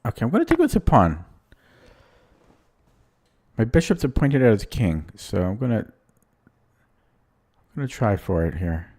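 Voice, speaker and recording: Slow, low-voiced nervous chess streamer man. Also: wildly swooping pitch, darkish tone. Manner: anxious, thinks aloud in short fragments. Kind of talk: live commentary while playing online chess.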